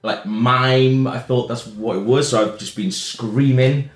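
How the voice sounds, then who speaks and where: Slow, laid-back man in a roomy room. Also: mid-range voice. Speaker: improv comedy performer. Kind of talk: improv comedy scene. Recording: roomy sound.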